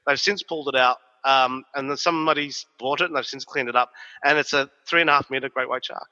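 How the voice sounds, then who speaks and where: A man, co-hosting a podcast and telling stories in a lively, swearing, casual way. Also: mid-range voice, quick pace. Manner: animated, profane storytelling. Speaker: podcast co-host. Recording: dull, reverberant recording.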